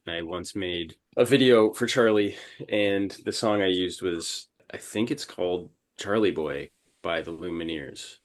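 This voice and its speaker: Man, low voice, laid-back, modest, casual podcast chat. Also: measured pace. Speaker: podcast guest, band musician.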